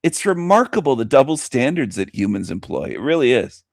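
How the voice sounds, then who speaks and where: A man's voice: medium pitch, a little fast, gravelly, no echo, studio quality. A man hosting his own show, commenting on a video he plays, scornful and mocking as he rants. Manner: scornful, mocking, animated ranting. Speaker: host.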